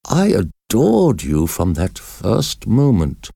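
A man reading a story voices a tormented, obsessive middle-aged priest, confessing slowly in agony. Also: on the low side, huge pitch swings, gravelly, mellow, slightly rough, no echo, studio quality, heavily acted. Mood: desperate. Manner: slow agonized confession.

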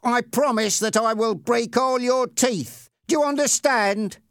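A man voicing a cruel, menacing teenage boy bully, raised well above his own pitch. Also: unhurried, a bit bright, clean tone, no echo, studio quality, exaggerated voice. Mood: threatening. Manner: menacing, bossy.

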